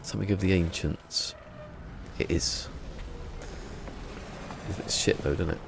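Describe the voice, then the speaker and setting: A man streams a game from home, chatting casually and rambling in a self-deprecating way. His low, gravelly voice is slow with fairly even intonation, typical of a casual live-stream chat, and the background is noisy.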